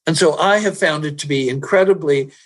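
A man who works as a personal growth trainer, telling stories in an interview, animated and rising loud at the dramatic moments. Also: a little high, fairly quick. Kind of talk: storytelling in an interview.

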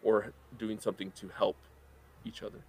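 A man's voice: fairly low pitch, level tone, moderate pace, darkish tone, husky. A young man acting as game master, casually explaining rules with fillers and laughs. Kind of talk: running a tabletop game.

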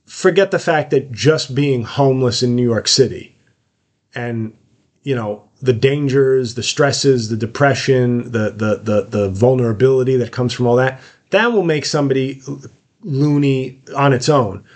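A man's voice: mid-range voice, measured pace. A man hosting his own podcast and talking through a personal story in a loose, rambling monologue. His voice sits in an ordinary middle range. He keeps breaking off into fillers and restarts as he goes. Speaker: podcast host, comedian. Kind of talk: casual monologue.

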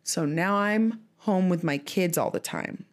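A young adult woman co-hosting a book podcast in casual chat, chatty and quick to laugh. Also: on the low side. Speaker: podcast co-host.

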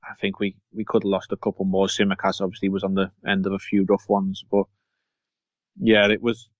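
A man's voice: low voice, monotone, brisk, no room sound. A man co-hosting a casual football podcast, rambling with fillers and restarts. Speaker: podcast co-host. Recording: dull lo-fi sound.

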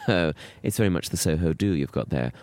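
A man's voice: low-pitched, expressive, fast talker, darkish tone, a little hiss or hum. A man co-hosting a podcast, camp and teasing in casual banter. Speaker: podcast co-host. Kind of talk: casual chat.

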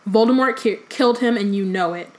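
A woman's voice: fairly high pitch, brisk, natural voice. A woman reading aloud as an angry, defiant teenage boy. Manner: defiant, shouting.

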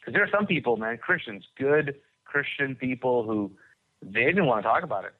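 On a tinny, phone-like line, a man appears as a podcast guest and shares his story as conversational testimony. His medium-pitched voice is animated at a normal speed, and he rambles with many restarts and repeated words.

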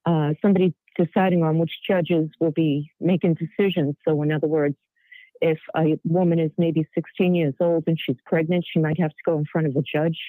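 A woman's voice: sits low, fairly even intonation, a little fast, no room sound. A woman with a Boston accent calling in to a radio show, explaining her point earnestly. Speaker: caller. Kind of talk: phone call-in. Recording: tinny dry phone line.

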